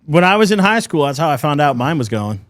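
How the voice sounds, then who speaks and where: A man's voice: fairly high pitch, big pitch swings, fast, a bit bright, no echo, clean studio sound. A young man hosting a casual podcast, telling stories in loose slang and acting out what friends said. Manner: slangy, storytelling, mimics friends in quotes. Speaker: podcast host.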